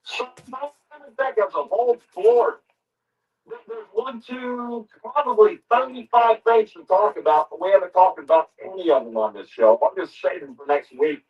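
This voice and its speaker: A man's voice: sits high, normal speed, slightly rough, dull audio. A man hosting a reaction stream, mocking people in a rant and repeating the same catchphrase over and over. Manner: mocking rant, keeps repeating "ladies and gentlemen". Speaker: streamer host.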